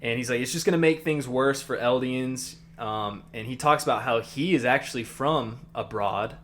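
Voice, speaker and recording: A man's voice: mid-range voice, moderate pace, fairly bright tone, slight background noise. A man co-hosting a podcast, recapping an anime episode in a rambling, casual way with lots of fillers. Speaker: podcast co-host.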